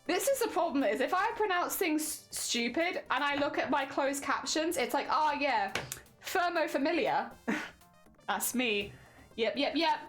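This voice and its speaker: A woman's voice: sits high, expressive, measured pace, fairly bright tone, faint music behind. A young woman chatting casually on a livestream, giggly and reading chat aloud. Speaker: streamer.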